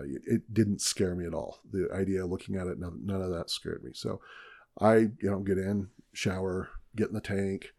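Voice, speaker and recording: A man's voice: low-pitched, vocal fry, a little mellow, husky. A man with a Southern US accent telling a long story in casual podcast chat, rambling and self-mocking. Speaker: podcast co-host.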